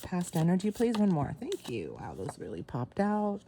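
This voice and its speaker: A woman giving a casual tarot reading to camera, excited and emotional, with sighs. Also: lowish voice, moderate pace, a little hiss or hum. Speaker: tarot reader. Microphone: camera mic.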